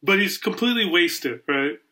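A man's voice: high-pitched, moderate pace, poor audio. A man co-hosting a podcast, telling a long story in a casual way and acting out the voices of the people in it. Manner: animated storyteller, acts out quoted voices. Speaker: podcast co-host.

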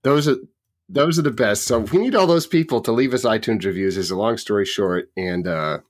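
A man's voice: on the low side, a little fast, no room sound, studio quality. A man hosting a podcast in casual chat, telling joking anecdotes and laughing often. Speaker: podcast host.

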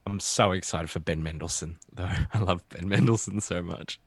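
A man's voice: low-pitched, moderate pace, vocal fry, dry recording. A man co-hosting a casual podcast chat, laughing often and swearing casually. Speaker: podcast host.

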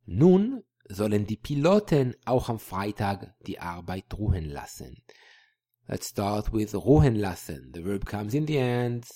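A man hosting a podcast language lesson, explaining word by word and repeating each word slowly. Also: fairly low pitch, mellow, dry recording, clean studio sound. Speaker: language teacher.

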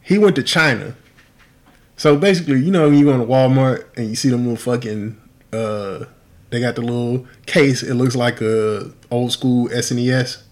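A man co-hosting a casual podcast, talking emphatically and with lots of profanity, rising to loud exasperation. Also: mid-range voice, steady tone, moderate pace. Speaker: podcast co-host.

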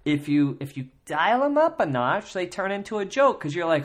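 Solo podcast host, casual and rambling, mid-pitched voice, full of fillers and restarts, breaks into mock voices to quote people. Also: very animated, moderate pace, few pauses. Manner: breaks into loud mocking voices when quoting others. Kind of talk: solo comedy podcast commentary.

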